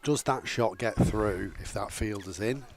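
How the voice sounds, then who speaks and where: A man's voice: on the low side, measured pace. A man with a northern English accent commentating on a live cricket match from an outdoor gazebo, chatty and self-deprecating. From northern England. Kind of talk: live sports commentary, casual chat.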